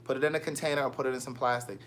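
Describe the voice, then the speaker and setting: A man's voice: mid-range voice, steady tone, rapid-fire, fairly bright tone, slight background noise. A man hosting a casual livestream, chatting and teasing as he reads viewer comments. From Maryland. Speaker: livestream host. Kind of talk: casual live chat.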